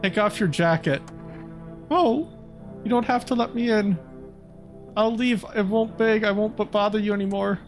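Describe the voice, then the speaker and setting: A timid young man with a much higher, softer voice, as a man reads him from a game. He sounds pleading and a little hesitant, and faint music sits behind him. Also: normal speed, long pauses. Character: timid, soft-spoken young man seeking shelter. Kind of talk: reading game dialogue aloud.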